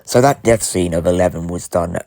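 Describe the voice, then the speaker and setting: A man giving a casual spoiler review of a TV show, gushing and rambling in quick bursts with restarts. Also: sits low, dark tone, no room sound.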